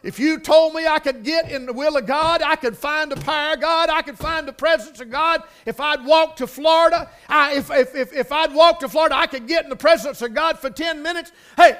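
A middle-aged man preaching a sermon in a folksy, emotional way, repeating words for emphasis and swinging from hushed to loud and fervent. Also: very high voice.

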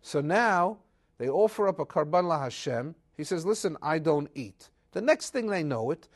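A man with a slightly raised pitch retells a scripture story for the Sabbath. He tells it casually and with energy, slipping into the voices of the people he quotes. Hebrew words flow naturally into his English. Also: moderate pace. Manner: lively retelling, acting out characters' quotes. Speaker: Torah teacher. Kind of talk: weekly Torah portion storytelling.

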